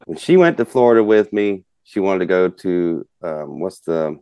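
At a normal speed, a guest hunter with a low, expressive, mellow voice that's clear and resonant rambles through a long hunting story. Casual and folksy, he fills gaps with "you know", and the recording is close and dry with no echo.

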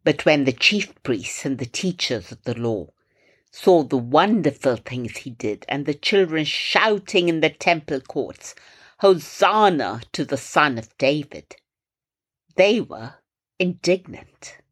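A woman from India hosting a Christian meditation podcast, calmly guiding breathing and scripture reflection. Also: deep voice, breathy edge. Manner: calm, slow, gently instructive.

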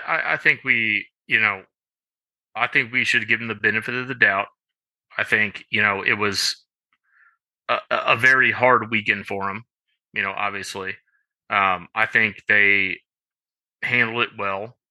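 A man co-hosting a podcast in casual chat, halting and full of "you know" fillers. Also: fairly low pitch, steady tone, bright, forceful tone, no echo. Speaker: podcast co-host.

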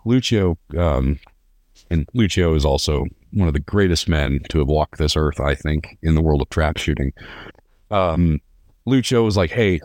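A man's voice: low voice, darkish tone, no room sound, clean studio sound. A young man from California, a podcast guest telling stories in an earnest, rambling way with many restarts. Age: young adult. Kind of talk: casual interview.

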